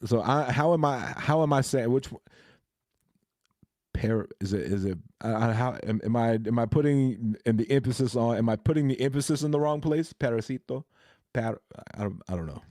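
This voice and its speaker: A man's voice: medium pitch, normal speed, darkish tone, no room sound, clean studio sound. A man chatting casually on a crypto livestream, hesitant and full of fillers and restarts.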